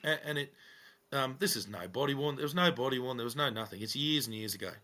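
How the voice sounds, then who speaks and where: In a fast, mid-range voice, this middle-aged Australian podcast co-host, once a police officer, tells a police story conversationally. He's animated and acts out quotes by raising his voice.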